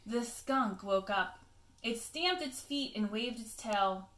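A woman teacher reading a picture book aloud to children, expressive, with chatty asides to her pupils. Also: fairly high pitch, takes it slowly, reverberant.

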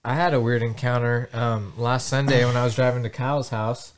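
A man's voice: medium pitch, steady tone, fairly quick. A young man cohosting a podcast who tells his story in casual chat and keeps laughing as he goes. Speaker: podcast co-host.

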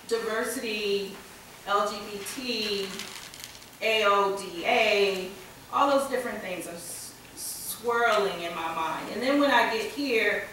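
An American woman giving a conference keynote, slightly under the weather with a cold, speaking in a deliberate, measured way with touches of dry humor. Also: medium pitch, fairly bright tone. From United States. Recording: echoey hall from far off, faint noise.

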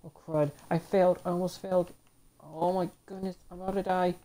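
A woman with a deep, warm voice gives casual let's-play commentary on a fighting game. She talks in a chatty way and reads move descriptions aloud. She groans when a round goes badly. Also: flat delivery, brisk. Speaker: gameplay commentator.

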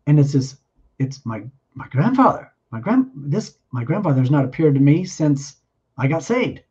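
Earnest man telling a testimony, mellow voice. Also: on the high side, sing-song, husky, highs cut off. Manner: earnest, halting with frequent restarts. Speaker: guest giving testimony. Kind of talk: personal testimony storytelling.

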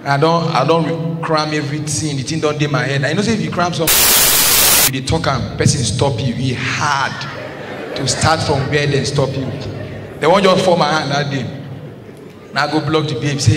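Man, Nigerian accent, comedian, fairly high voice, chatty storytelling, echoey hall, background noise. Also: steady tone, normal speed. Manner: chatty storytelling, acting out dialogue. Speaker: stand-up comedian. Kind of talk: stand-up storytelling in Nigerian Pidgin. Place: large concert hall.

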